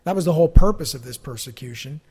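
A man's voice: on the high side, animated, fast talker, darkish tone, husky. A man preaching a sermon to his congregation in a conversational, plain-spoken way, pushing up his voice on key phrases. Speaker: pastor.

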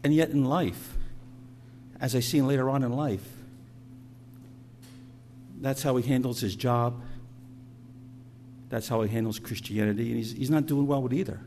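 Middle-aged man preaching a sermon in a loose, storytelling manner, stumbling over and repeating words as he talks. His voice sits at an ordinary mid pitch. A faint hum runs underneath. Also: fairly even intonation, normal speed, pauses often, a little mellow. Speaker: pastor.

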